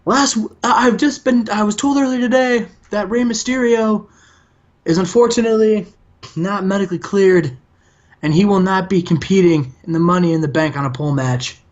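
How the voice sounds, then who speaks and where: A man putting on the voice of a loud, boastful male wrestling manager with a strutting promo delivery. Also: high voice, moderate pace, highs cut off, pitched above the performer's own voice, natural voice. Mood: officious.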